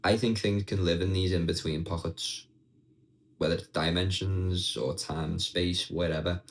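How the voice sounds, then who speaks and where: A man's voice: low-pitched, fairly even intonation, unhurried, low-quality recording. A young man ranting casually and bluntly to his viewers, swearing freely and talking straight at the camera. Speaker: vlogger.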